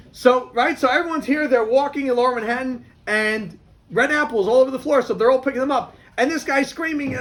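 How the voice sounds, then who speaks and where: A rabbi teaches a class of boys in a lively, high-pitched voice that swoops widely. He tells his story animatedly, often restarting and repeating phrases.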